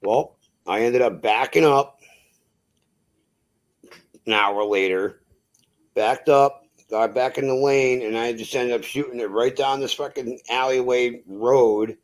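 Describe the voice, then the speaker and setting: Man, truck driver, casual profane storytelling, animated quoting, middling pitch. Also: slow pace, pauses often. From Massachusetts.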